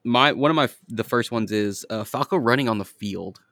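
A man co-hosting a podcast, telling animated, profane stories with frequent laughter. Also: medium pitch, fairly quick, no room sound, clean studio sound. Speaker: podcast co-host. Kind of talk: casual chat.

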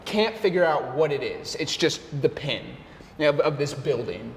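A young man tells a lively, rambling story in a casual interview, laughing as he talks and peppering it with "like" and "bro." His voice sits a little high, and the room adds a long, echoey reverb over faint background noise. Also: normal speed. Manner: animated, laughing, full of "like" and "bro". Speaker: guest, café owner and barista.

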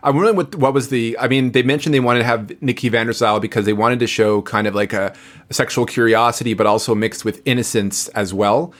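Male co-host, mid-pitched voice, chatty, animated, lots of fillers. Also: fairly quick. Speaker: podcast co-host. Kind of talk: casual film discussion.

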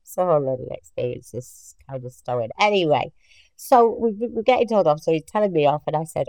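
Podcast host: woman, low voice, dry close mic, chatty anecdotal delivery. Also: expressive, fairly quick, a little mellow, no room sound, rough recording. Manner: chatty, laughs through her own stories, quotes coworkers. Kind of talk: casual storytelling monologue.

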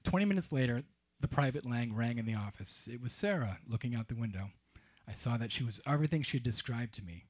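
A man's voice: medium pitch, animated, fast talker. A man telling a personal story to a live audience in a wry, confessional way with dry humor.

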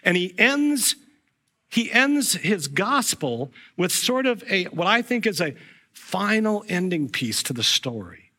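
A man's voice: sits high, slow pace. A man preaching a storytelling sermon, acting out the voices of the people in his stories. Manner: animated, acts out voices in retold scenes. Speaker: pastor.

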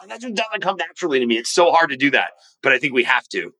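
A man talks on a podcast in an animated, rambling way, often restarting mid-sentence. His voice is bright and forceful. His pitch sits in a middling range for a man. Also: fast, low-quality recording. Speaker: podcast guest, mortgage professional and coach. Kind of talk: casual conversational podcast talk. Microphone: remote studio microphone.

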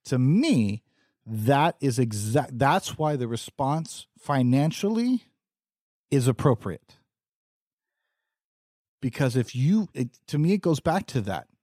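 A man with a mellow, warm voice co-hosts a talk podcast. He reads passages aloud and then reacts to them with animated conviction. The sound is dry and close, with no room around it. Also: mid-range voice, takes it slowly, long pauses, no room sound. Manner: animated, reads quotes aloud and talks back. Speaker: podcast co-host. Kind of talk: casual discussion.

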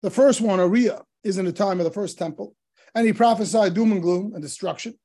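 A rabbi with a high voice teaches a Talmud class at a brisk clip, animatedly telling stories and acting out the dialogue of the sages in Torah class storytelling.

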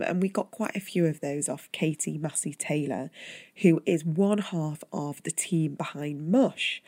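A middle-aged British woman hosting a podcast, talking in a chatty way with frequent ums, her voice nasal and croaky from a flu. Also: deep voice, a little mellow, no echo. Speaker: podcast host. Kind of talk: casual podcast intro.

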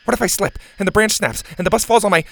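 A man voicing an anxious, excitable boy camper whose voice climbs when he gets worried. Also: high voice, quick pace, vocal fry, pitched above the performer's own voice. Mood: panicked.

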